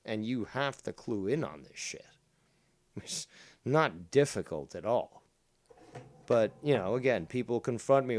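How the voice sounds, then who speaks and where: A man's voice: mid-range voice, lively intonation, a little slow, darkish tone. A man hosting a livestream, talking combatively and reading chat messages aloud, swearing freely. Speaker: streamer host.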